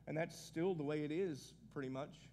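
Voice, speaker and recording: Male pastor, conversational sermon, earnest, slightly raised pitch. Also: moderate pace, mellow, a little hiss or hum. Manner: earnest, conversational preaching with frequent restarts.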